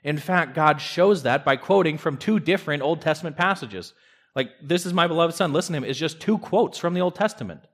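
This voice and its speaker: A man preaching a sermon in an earnest way, pushing his voice up for emphasis, dropping it low, and sometimes stammering into a restart. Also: expressive, fairly quick. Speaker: pastor.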